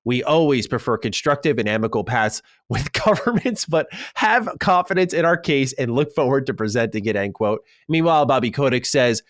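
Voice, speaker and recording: A man's voice: mid-range voice, animated, fairly quick, hardly any pauses, no echo, studio quality. A man hosting a gaming podcast in casual chat, reading out news items and quotes. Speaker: podcast host.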